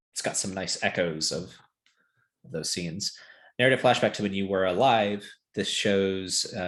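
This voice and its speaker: Guy narrating his scene in a tabletop game, kinda low voice, lots of ums. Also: a bit bright. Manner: hesitant, many ums and uhs. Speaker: player.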